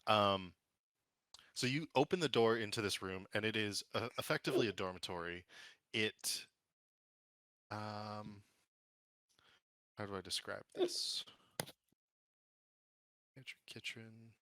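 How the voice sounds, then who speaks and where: A man's voice: on the low side, slow pace, long pauses, bright, forceful tone, no room sound. A man running a tabletop game as dungeon master over an online call, describing scenes in a loose, chatty way with lots of fillers.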